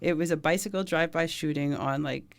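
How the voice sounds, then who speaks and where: A woman's voice: low voice, fast talker. A middle-aged woman, a first responder, telling blunt, talkative stories in a casual interview and laughing often.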